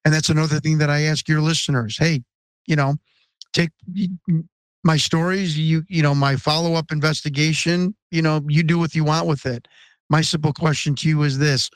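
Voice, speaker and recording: Insistent American man in his 50s, a podcast guest who pleads his case earnestly; fairly high voice, dry close sound. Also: steady tone, moderate pace, no room sound. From Chicago, USA. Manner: earnest and emphatic, insistent questions. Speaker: interview guest. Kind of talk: podcast interview.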